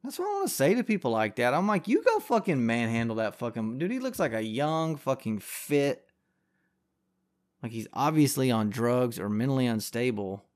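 A man's voice: medium pitch, sing-song, moderate pace. A man hosting a podcast in a casual, rambling rant, swearing constantly and filling his talk with "like". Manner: profane, rambling, heavy use of filler "like". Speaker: podcast host.

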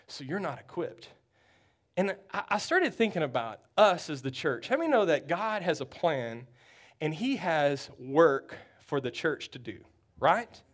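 High-voiced man preaching a story sermon. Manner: animated storytelling, acts out quotes. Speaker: pastor.

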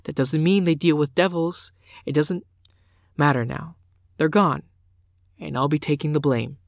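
A man voicing a defiant teenage girl accused of witchcraft, speaking calmly and coolly. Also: on the high side, measured pace, vocal fry, no room sound, clean studio sound. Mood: calm defiance. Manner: calm, cool and composed.

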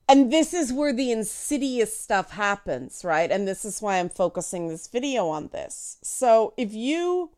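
A woman in her thirties giving blunt, opinionated commentary, emphatic and quick to swear. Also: mid-range voice, smooth. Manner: blunt and profane, animated and emphatic. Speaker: video commentator.

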